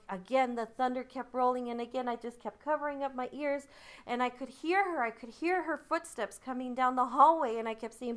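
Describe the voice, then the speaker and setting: A woman telling a childhood story in a vivid, dramatic way, making thunder sounds with her voice and dropping to a hushed tone in the tense parts. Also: fairly high pitch. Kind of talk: personal storytelling.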